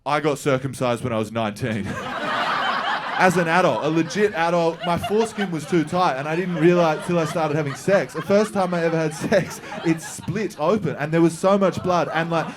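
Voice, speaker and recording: A man's voice: a little high, moderate pace, crowd noise, noisy background. Profane man doing stand-up. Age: 30s. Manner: rambling, profane storytelling. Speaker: stand-up comedian. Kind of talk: stand-up set. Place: comedy venue with live audience.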